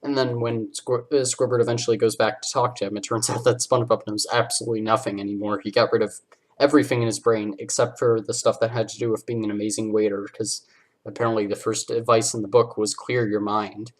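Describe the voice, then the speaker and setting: Rambling podcast host recapping cartoons. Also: male voice, fairly low pitch, little pitch movement, quick pace. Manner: rambling, filler-heavy, acts out character lines. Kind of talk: casual episode recap.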